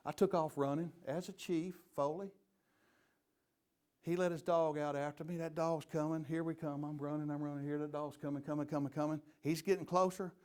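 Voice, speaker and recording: Middle-aged man, police chief type, slightly high voice, folksy joking trainer with stories. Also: a little fast. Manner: lively storyteller, folksy and joking. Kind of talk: leadership training talk with stories.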